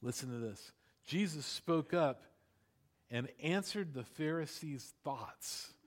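A man's voice: on the high side, lively intonation, slow. A man preaching a sermon in a conversational way, asking the congregation rhetorical questions and laughing at his own asides. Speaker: pastor.

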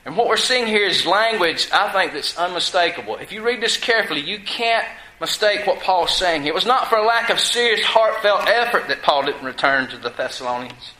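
Male pastor mid-sermon: high, bright voice, asks and answers his own questions, reverberant room. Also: animated, a little fast, few pauses.

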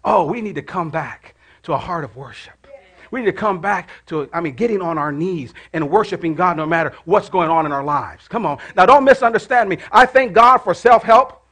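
A middle-aged man preaching a sermon in church, calling out to the congregation and dropping to hushed prayer. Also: high-pitched, lively intonation, fairly quick. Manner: call-and-response preaching, rising to shouts and dropping to hushed prayer. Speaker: pastor.

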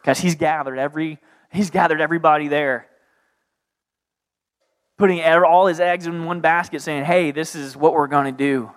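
A man in his thirties preaching a sermon, animated and joking, acting out characters in playful voices. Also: a little high, moderate pace, pauses often. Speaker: pastor.

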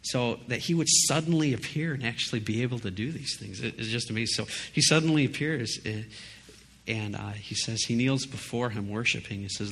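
A man's voice: fairly low pitch, fairly quick, vocal fry, a bit bright, husky. A man giving a casual, emphatic sermon, talking conversationally with frequent asides to his listeners. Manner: conversational, emphatic, frequent "you know" and "right?". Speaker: preacher.

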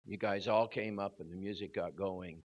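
An older man preaching at a youth service, telling a story with growing drama and shouting at its peak. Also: deep voice, normal speed. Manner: animated storyteller, voice rising to shouts at the climax. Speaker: guest preacher. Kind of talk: storytelling sermon. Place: church hall at a youth service. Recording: dull lo-fi recording.

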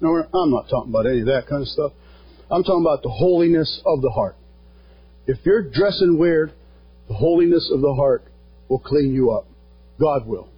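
Husky-voiced man preaching a sermon. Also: on the high side, normal speed. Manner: earnest, plain-spoken preaching with scripture quotes. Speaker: pastor. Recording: dull lo-fi sound.

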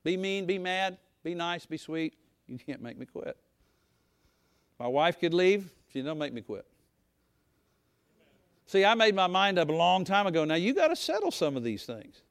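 Man, middle-aged pastor, folksy conversational sermon, slightly high voice, dry close mic. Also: very animated, moderate pace, vocal fry, long pauses, smooth, no echo. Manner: folksy preaching, talks to the congregation, rising to shouts.

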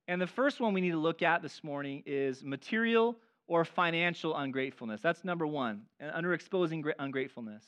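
A man preaching a sermon as pastor, animated and acting out the voices of people he quotes. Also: high voice.

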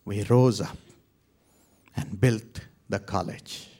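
A man from India preaching a sermon testimony, telling his story dramatically, with sudden loud outbursts and hushed, whispered passages. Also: fairly low pitch, fairly even intonation, takes it slowly, breathy edge.

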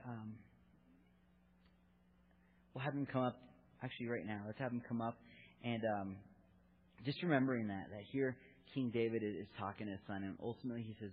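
Guy in his 30s preaching, husky voice, earnest and open, sounds like a thin lo-fi recording. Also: fairly low pitch. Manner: earnest, candid storytelling. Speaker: preacher at a church gathering for fathers. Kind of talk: sermon. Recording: tinny phone-like lo-fi recording.

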